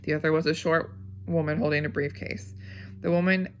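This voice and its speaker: A woman reading a novel aloud at a steady pace, with small slips and restarts. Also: sits low, a little fast, a little hiss or hum. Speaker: audiobook reader.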